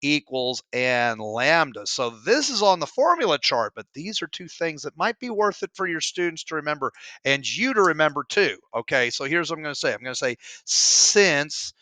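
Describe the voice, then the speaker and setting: A man's voice: a little high, sing-song, moderate pace, pushed and bright, dry recording. A middle-aged man, a physics teacher, working through exam problems at home in a casual, grumbling, self-deprecating way with wry asides. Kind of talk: casual solo problem walkthrough. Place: home room.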